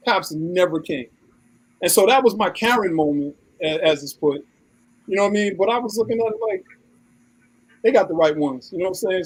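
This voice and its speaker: Brief: high-voiced husky man, animated storyteller on a casual talk show. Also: low-quality recording. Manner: animated, acts out quoted voices. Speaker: podcast co-host.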